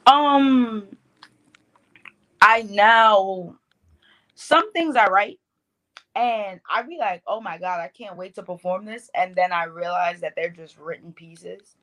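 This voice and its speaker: A woman's voice: medium pitch, takes it slowly. A young woman from the Bronx with a New York accent, a poet talking casually in an interview, loose and slangy with lots of fillers. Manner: loose, slangy, animated storytelling with many fillers. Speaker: poet guest.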